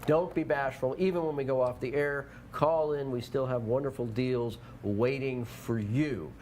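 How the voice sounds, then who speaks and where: A playful man trades easy banter as co-host of a local TV shopping program. His voice sits at an ordinary middle pitch, with a faint hum of studio noise underneath. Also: steady tone, normal speed, a little mellow. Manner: chatty, playful, teasing. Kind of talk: casual on-air banter.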